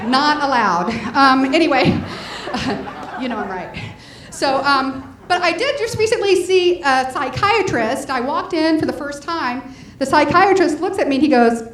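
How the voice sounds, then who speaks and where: Brash, high-pitched middle-aged woman comic doing a bawdy club set, echoey room. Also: expressive, a little slow, fairly bright tone, far from the mic. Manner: bawdy, brash punchline delivery. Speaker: stand-up comedian. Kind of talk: stand-up comedy set. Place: comedy club stage. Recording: echoey club with faint noise.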